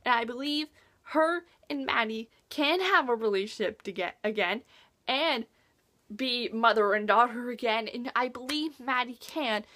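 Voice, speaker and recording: A teenage girl chatting casually about a book she has read, gushing and chatty, with lots of "like" fillers and lively reactions. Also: fairly high pitch, unhurried. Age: teens. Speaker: book reviewer. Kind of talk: casual book review vlog.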